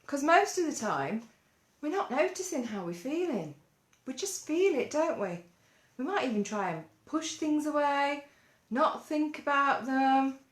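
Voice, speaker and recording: A woman leading a gentle mindfulness lesson for children, coaxing them along with lots of playful questions. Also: high voice, expressive, a little slow. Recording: roomy echo.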